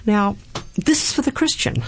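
A woman's voice: mid-range voice, moderate pace, breathy edge. A woman talking earnestly as an interview guest, telling a personal faith story and quoting scripture. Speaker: guest speaker. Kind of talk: personal testimony in conversation.

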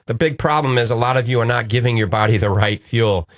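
A man's voice: medium pitch, quick pace. A man with a New Orleans accent hosting a call-in radio show, upbeat and reassuring, laughing easily with callers. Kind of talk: casual call-in radio chat.

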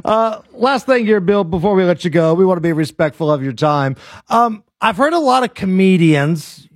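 A man's voice: sits high, animated, moderate pace, dry recording, studio quality. A male radio host asking questions and plugging a show in an upbeat way. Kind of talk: radio interview.

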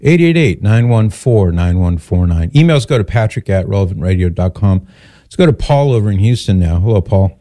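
A man's voice: low voice, expressive, brisk, warm tone, dry recording, clean studio sound. An older man, a grandfather, hosting a call-in radio talk show and lecturing emphatically on the issue. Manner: emphatic, lecturing, quotes others in mock voices.

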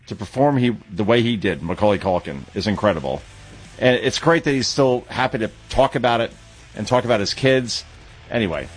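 Husky-voiced male radio talk host. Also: lowish voice. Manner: chatty, conversational, lots of asides.

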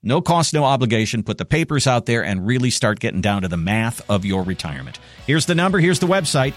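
A man's voice: medium pitch, sing-song, fast, hardly any pauses, faint music behind. A man hosting a financial radio show, persuasive, talking listeners through retirement money and reading out contact details. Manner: persuasive, repeats phone numbers. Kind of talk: financial radio talk and ad reads.

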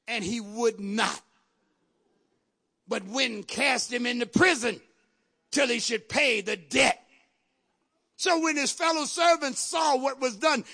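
A man's voice: very high-pitched, creaky, sharp tone. A man preaching a sermon, retelling a scripture story emphatically, repeating phrases and calling out to the congregation. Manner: emphatic, repetitive, calls out to the congregation.

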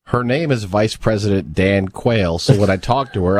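Deep-voiced joking male radio co-host. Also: moderate pace, darkish tone. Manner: joking, playful banter. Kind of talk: casual morning radio banter. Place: radio studio.

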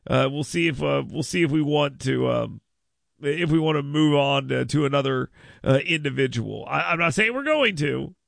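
Gravelly, bright-voiced man hosting radio. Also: fairly high pitch, lively intonation, normal speed, no echo, clean studio sound. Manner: rambling, repeats words, laughs often. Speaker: radio talk show host. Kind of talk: casual radio chat. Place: radio studio. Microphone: studio mic.

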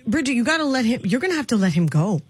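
A woman's voice: fairly high pitch, big pitch swings, rapid-fire, breathy edge. A woman hosting a radio talk show, emotional and insistent as she comments. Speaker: radio host.

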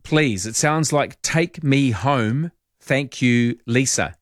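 A slow, mid-range male voice carries an overnight talkback show as he casually reads listener messages in a chatty, wry, rambling way, now and then reciting lyrics. Recorded in a radio studio on a studio mic, the sound is clean with no room sound.

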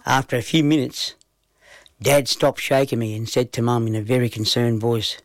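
A man telling a children's story in an unhurried storytelling manner. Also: medium pitch, fairly even intonation, no room sound.

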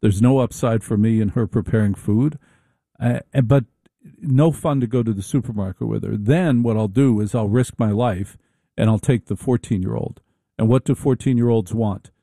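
Gravelly, very dark-voiced middle-aged man. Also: medium pitch, no room sound. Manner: wry, rambling, halting restarts. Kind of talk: comedic monologue.

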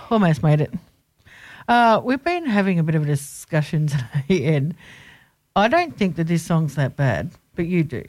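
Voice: medium pitch, sing-song, a little slow, darkish tone, no room sound. Playful self-mocking radio co-host. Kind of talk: casual radio banter.

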